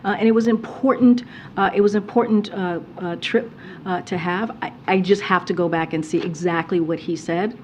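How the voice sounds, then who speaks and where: A woman's voice: fairly low pitch, steady tone, moderate pace, darkish tone, slight background noise. Careful woman answering at a podium. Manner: careful, hedging, frequent restarts and fillers. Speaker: press secretary. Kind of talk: press briefing answers. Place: press briefing room.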